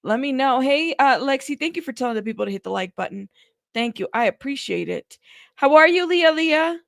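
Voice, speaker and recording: A woman's voice: high-pitched, animated, fairly quick, gravelly, a bit bright, no echo, clean studio sound. A woman hosting a casual news livestream, chatty and greeting her viewers one by one by name.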